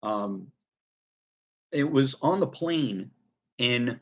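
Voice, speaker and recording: A middle-aged man talks casually to his viewers about a record he loves. His voice sits at an ordinary middle pitch. He rambles, restarts his sentences and fills pauses with ums. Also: expressive. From United States. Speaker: record collector vlogger.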